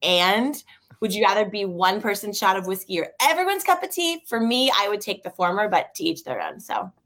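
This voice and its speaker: A woman in her thirties talks as a guest in a relaxed interview. Her voice sits at a middle pitch, and she tells stories quickly and lively, full of asides. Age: 30s. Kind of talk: casual interview chat.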